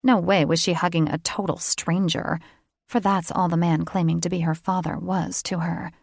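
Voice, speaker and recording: Low, gravelly woman narrating. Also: flat delivery, normal speed, no echo, clean studio sound. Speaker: audiobook narrator. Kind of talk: scripted narration.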